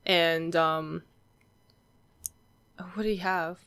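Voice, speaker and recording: A woman's voice: lowish voice, fairly even intonation, very slow, fairly bright tone, clean tone, dry recording. A young adult woman chatting casually as a guest, telling stories with a laugh and acting out the voices of others. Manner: chatty storyteller, laughs often, acts out quoted voices. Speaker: guest collector. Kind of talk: casual chat.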